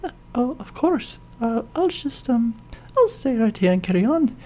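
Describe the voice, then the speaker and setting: A woman's voice: on the high side, very animated, normal speed, mellow, voice pushed up. A woman voicing a fawning, flustered little mouse courtier in a video game. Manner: overly polite, flustered.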